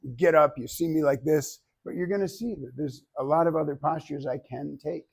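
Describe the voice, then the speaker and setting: Male speaking coach, lively and chatty before students, a bit higher pitch, fry in the voice. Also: fairly quick. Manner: energetic, conversational, checks in with "right?". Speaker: public speaking teacher. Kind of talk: classroom lecture. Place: classroom with live students.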